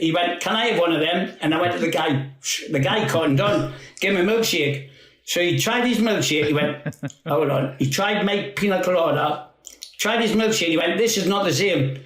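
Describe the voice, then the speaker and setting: A man's voice: high-pitched, bright, forceful tone, roomy sound, poor audio. A Geordie man in his fifties, a guest telling rambling football anecdotes with acted quotes and frequent laughter. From North East England. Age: 50s. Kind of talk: storytelling anecdotes.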